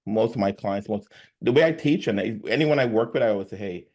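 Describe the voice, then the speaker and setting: A man with a low voice talks casually about closing sales. He acts out both sides of a call as he explains it. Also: fast. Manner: animated, acts out sales calls. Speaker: sales coach. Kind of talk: casual conversation.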